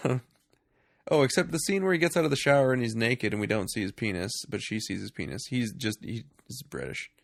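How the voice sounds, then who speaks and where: A man's voice: medium pitch, a little fast, creaky, no echo, clean studio sound. A man co-hosting a casual comedy podcast, recapping a movie with lots of laughter and acted-out quotes. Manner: animated, laughs often, acts out quoted lines in silly voices. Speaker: podcast co-host.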